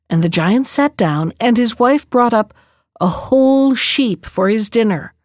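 Woman storybook narrator, raised pitch, measured, dry close mic. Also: expressive, a little mellow, dry recording.

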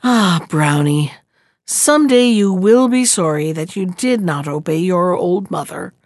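A woman voicing an old, feeble mother pig who gives her piglets slow, earnest advice in a storybook reading. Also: a little high, animated, no echo, studio quality.

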